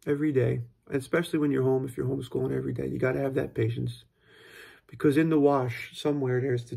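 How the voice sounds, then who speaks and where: Gravelly raspy dad just rambling about parenting, lots of likes and restarts. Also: male voice, mid-range voice, a little mellow. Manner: rambling, thoughtful, full of fillers and restarts. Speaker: father sharing parenting tips. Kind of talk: casual reflective monologue.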